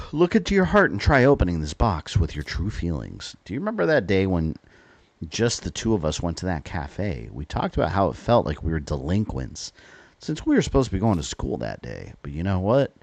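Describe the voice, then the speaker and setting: A man's voice: low voice, huge pitch swings, normal speed, creaky, no room sound, exaggerated voice. An American man reading a wistful teenage schoolgirl's note aloud from a horror game, in his own plain voice raised slightly.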